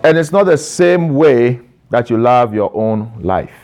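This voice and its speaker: A male preacher delivering a sermon in an emphatic, repetitive style. He stretches out key phrases and turns to his listeners with direct questions. His voice sits at an ordinary middle pitch. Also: expressive, unhurried, darkish tone. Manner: addresses a young audience directly with questions.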